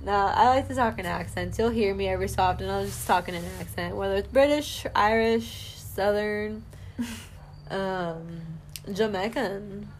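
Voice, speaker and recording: A woman's voice: medium pitch, a little slow, slight background noise. A woman in her twenties from Ohio, co-hosting a podcast in casual chat, joking and giggling often. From Toledo, Ohio, US. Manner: joking and giggly, slips into playful put-on voices. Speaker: podcast co-host.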